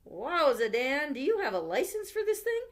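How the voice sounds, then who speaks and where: A woman's voice: high voice, very animated, normal speed, pitched above the performer's own voice. Stern bossy police chief voiced by a woman for a storybook read-aloud. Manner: stern, exclaiming.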